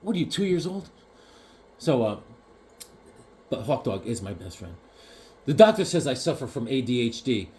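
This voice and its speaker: A man's voice: medium pitch, moderate pace, pauses often, a little hiss or hum. Guy rambling about his comics, jokey, voice swings up and down a lot, close mic. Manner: animated, jokey, acts out comic characters in bursts. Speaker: comic collector vlogger. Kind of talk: casual chat.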